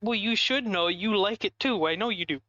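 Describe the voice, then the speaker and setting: A man chats casually on a live stream, rambling along and giggling between bites. His voice is bright and crisp, a little above average in pitch. The sound is dry and slightly dull, like a basic streaming mic. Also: normal speed, no echo. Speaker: streamer co-host.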